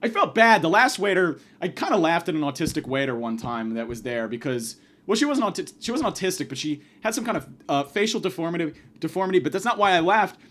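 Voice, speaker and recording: A man delivering a profane comedic rant, abrasive and insulting, swinging from yelling to muttering. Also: fairly high pitch, very animated, fast talker, hardly any pauses. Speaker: comedic ranter.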